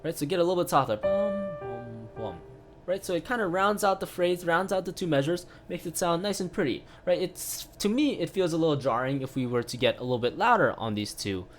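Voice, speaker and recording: A man's voice: a little high, brisk, hardly any pauses. A man giving a casual online piano lesson, explaining step by step with lots of "right?" tag questions and filler sounds. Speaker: piano teacher.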